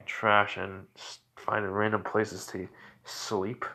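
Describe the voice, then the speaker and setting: A worn-out seventeen-year-old villain boy, wary and hesitant as he speaks, as a man voices him. His lines come out slow and low, in a fan storybook telling. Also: flat delivery, sharp tone, heavily acted. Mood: weary.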